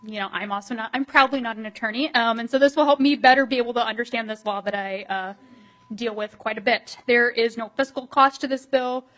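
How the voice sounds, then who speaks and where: Midwestern woman lawmaker, brisk and lively, higher-pitched, speaking at a committee hearing. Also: poor audio. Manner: quick, animated, filler-heavy delivery. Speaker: state legislator presenting a bill.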